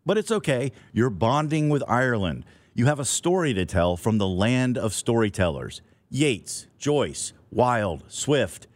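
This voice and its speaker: A man's voice: medium pitch, sing-song, measured pace, hardly any pauses, no room sound. A middle-aged man telling a scripted, wry, playful story as a podcast host.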